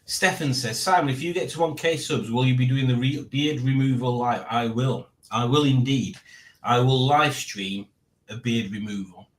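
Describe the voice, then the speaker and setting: A man's voice: mid-range voice, normal speed, roomy sound. A man hosting a live stream from home, casually chatting and reading out the chat with dry, playful teasing. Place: home room.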